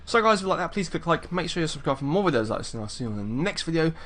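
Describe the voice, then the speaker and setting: A man's voice: a little high, sing-song, very fast, fairly bright tone. A man from England with an English accent, chatting casually as a video reaction host. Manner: laid-back, chatty, meandering.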